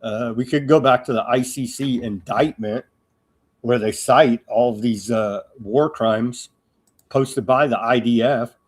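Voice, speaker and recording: A man's voice: mid-range voice, lively intonation, measured pace, husky. A man hosting a live political news commentary show, talking in a sarcastic, mocking way with lots of fillers and restarts.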